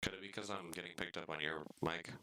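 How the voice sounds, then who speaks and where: A man's voice: low voice, steady tone, fast talker, sharp tone, a little hiss or hum. A man co-hosting a let's play stream, casual and laid-back, puzzled as he tests his microphone. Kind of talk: casual gaming chat.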